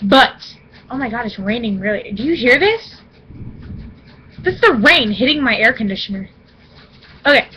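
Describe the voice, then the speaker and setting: A young woman vlogging at home in an excited, playfully dramatic way, often squealing. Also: a little high, normal speed, pauses often, muffled recording, a little hiss or hum. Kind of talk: excited casual vlog. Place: indoors at home.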